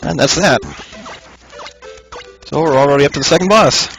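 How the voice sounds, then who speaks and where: A man giving relaxed commentary on a puzzle game, thinking aloud and chuckling now and then. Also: a little high, normal speed, creaky, poor audio. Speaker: let's play commentator. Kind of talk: casual gameplay commentary. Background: game music.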